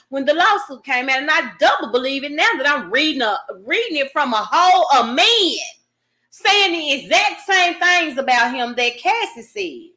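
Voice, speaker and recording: A woman's voice: sits high, bright, forceful tone. A woman vlogger giving casual, indignant news commentary, reading an article aloud and ranting with emphasis.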